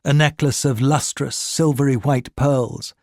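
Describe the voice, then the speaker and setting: A man reading a wartime thriller audiobook in a measured, steady storytelling manner. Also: mid-range voice, dry recording, studio quality. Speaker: audiobook narrator. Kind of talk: scripted narration.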